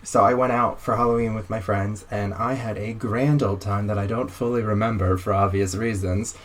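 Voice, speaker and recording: Low-voiced young man telling a story. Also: normal speed. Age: young adult. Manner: animated, acts out dialogue in quotes. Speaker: podcast guest. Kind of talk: casual storytelling.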